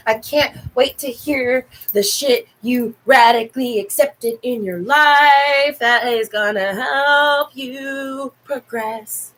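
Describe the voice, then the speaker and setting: Husky woman hosting a casual livestream. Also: a little high, takes it slowly, a bit bright, low-quality recording. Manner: playful, swears freely, laughs often. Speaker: online show host. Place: home room. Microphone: laptop mic.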